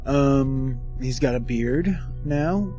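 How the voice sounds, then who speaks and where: A man's voice: medium pitch, very slow, warm tone, soft background music. A man playing a tabletop game, chatting casually and easily. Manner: easygoing, laughs often. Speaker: player.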